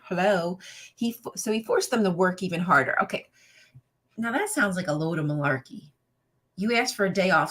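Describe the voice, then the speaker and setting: A woman with a husky, slightly low voice streams from home, reading a children's Bible storybook to her chat. She keeps breaking away into sassy, profane commentary before picking the story back up. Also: lively intonation, normal speed, a bit bright. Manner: sassy, profane asides, laughs at her own jokes. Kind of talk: casual reading with rant commentary to live chat.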